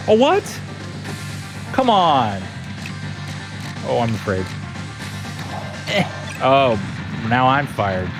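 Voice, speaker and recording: An upbeat, playful man streams a video game, chatting casually with his viewers. His voice swoops up and down with lively energy. Game music plays clearly behind him. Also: mid-range voice. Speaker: live streamer. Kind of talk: casual live-stream chat while gaming.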